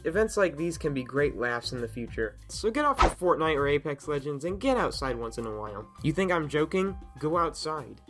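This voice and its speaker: A young man from Tennessee narrating an animated storytime with jokes and self-deprecating asides. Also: fairly high pitch.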